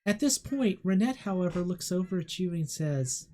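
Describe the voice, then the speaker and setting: A woman narrating a tabletop game as game master, playful and quick to laugh. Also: on the low side, expressive, mellow.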